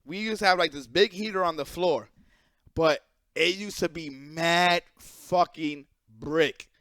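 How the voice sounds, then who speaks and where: A man hosting his own channel, telling a story in a casual, animated and profane way. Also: fairly high pitch, unhurried, dry recording, studio quality. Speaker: channel host.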